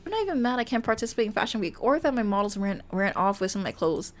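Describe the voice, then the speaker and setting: A woman streamer reading a romance game aloud, animated and playful, often breaking off to joke with her viewers. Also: medium pitch, fast. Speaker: VTuber streamer.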